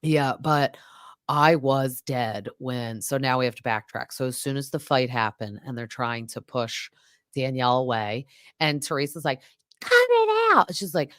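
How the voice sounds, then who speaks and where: A woman's voice: very deep voice, normal speed, no room sound, clean studio sound. A woman hosting a podcast, chatting casually and animatedly as she recaps a reality show and acts out quotes. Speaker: podcast host.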